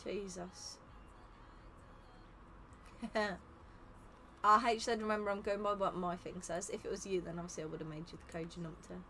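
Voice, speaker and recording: A woman's voice: on the low side, level tone, normal speed, long pauses, sharp tone, slight background noise. A young English woman hosting a live game stream, chatting casually with viewers, teasing them, laughing often and sounding tired. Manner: teasing, laughs often, reads chat aloud. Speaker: streamer running custom game lobbies.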